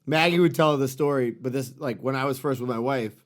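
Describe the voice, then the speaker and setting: A man co-hosting a podcast in casual chat, excitable and profane, laughing often at his own stories. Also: medium pitch, brisk. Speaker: podcast co-host.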